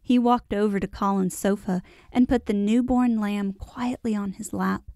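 Mellow woman narrating an audiobook. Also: mid-range voice, no echo, clean studio sound.

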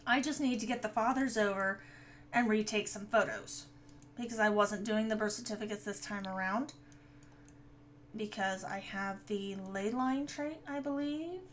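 A woman's voice: mid-range voice, moderate pace, slight background noise. A woman giving casual gameplay commentary, chatting to her viewers and scolding the game characters. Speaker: gaming video creator.

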